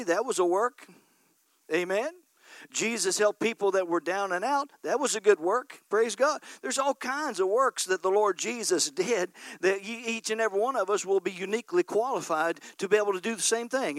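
The recording has no room sound as a pastor with a high voice preaches. Emphatic throughout, he repeatedly calls out to his congregation for an "Amen?"

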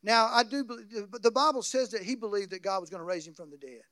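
A male pastor preaching a sermon, swinging from quiet asides to loud, excited bursts. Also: high-pitched, fast, no echo, studio quality.

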